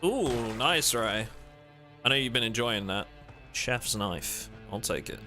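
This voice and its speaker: Bright-voiced man streaming a game. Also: mid-range voice, expressive, slow, soft background music. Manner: jokey, thanks viewers while playing. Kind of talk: casual livestream chat while gaming.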